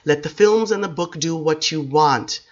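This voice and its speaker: A woman voicing an earnest, gentle and wary male vampire who pleads in an even tone. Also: low-pitched, normal speed, dull audio, natural voice.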